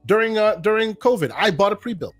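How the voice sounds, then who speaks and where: A man's voice: sits high, fast talker, soft background music. A man co-hosting a gaming podcast, arguing his point insistently and repeating words when cut off. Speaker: podcast co-host. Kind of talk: casual podcast debate.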